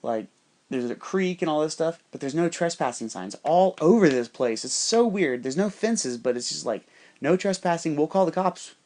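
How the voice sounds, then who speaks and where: A man's voice: on the high side, lively intonation, moderate pace, a little mellow. A man telling a rambling, heavily profane story in a casual, conspiratorial monologue.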